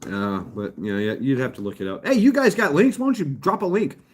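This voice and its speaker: A man's voice: medium pitch, lively intonation, brisk, slightly rough. A man casually chatting and rambling with live viewers as a stream host, often chuckling. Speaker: livestream host. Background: fireworks popping outside.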